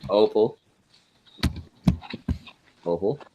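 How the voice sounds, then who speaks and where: Man, lowish voice, deadpan, halting, lots of fillers, crude casual podcast banter, home mic. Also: phone-quality sound, a little hiss or hum. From Canada. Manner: halting, many fillers and restarts, deadpan jokes. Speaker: podcast co-host.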